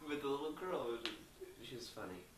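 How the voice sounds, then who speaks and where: A man's voice: medium pitch, very animated, quick pace, far from the mic, crowd noise. Rambling young man in an echoey room. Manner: loose and rambling, with frequent filler words and acted quotes. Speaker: roommate retelling a movie. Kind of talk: rambling casual movie recap.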